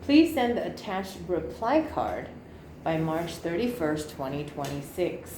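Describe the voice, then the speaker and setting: A woman's voice: low-pitched, very animated, unhurried, noisy background. Chatty woman teacher in echoey room. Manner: chatty, jokey asides while reading aloud. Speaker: English teacher. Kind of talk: classroom exam reading and explanation. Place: classroom.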